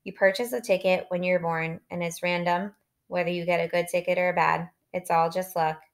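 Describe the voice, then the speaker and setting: A woman narrating an audiobook in first person, in a steady, reflective manner. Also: lowish voice, a little fast.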